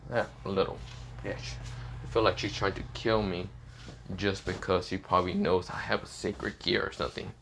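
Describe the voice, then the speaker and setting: A man's voice: low-pitched, fairly even intonation, normal speed, vocal fry, fairly bright tone, a little hiss or hum. A man voicing a scheming teenage boy who hides menace behind friendliness, with a sly, crude, mocking manner. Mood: contemptuous.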